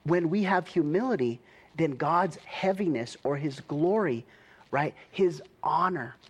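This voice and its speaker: A young adult man gives a casual, conversational sermon, his voice sitting a little higher than most men's. He laughs easily and keeps asking "right?" as he talks the listeners through his point. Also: animated, a little slow, breathy edge. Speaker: preacher.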